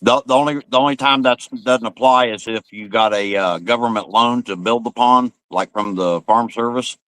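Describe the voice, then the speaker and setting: A man's voice: medium pitch, moderate pace, a bit bright, no echo, rough recording. A man from Missouri chatting casually on a stream, explaining things in a plainspoken, matter-of-fact way. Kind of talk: casual chat.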